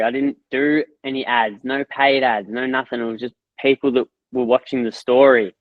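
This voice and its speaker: A man, talking excitedly in a casual interview, swearing often and repeating himself. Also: mid-range voice, normal speed, few pauses, no room sound, muffled recording. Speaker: guest, course creator.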